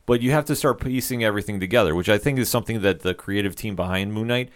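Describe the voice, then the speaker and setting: A man co-hosting a podcast, explaining a TV episode in a measured, casual way. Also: lowish voice. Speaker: podcast co-host. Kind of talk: casual TV recap discussion.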